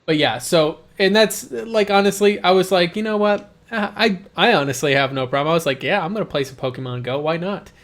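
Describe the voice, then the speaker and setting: A man hosting a casual gaming podcast, talking in an animated way, swearing freely and laughing as he talks. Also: mid-range voice. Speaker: podcast host.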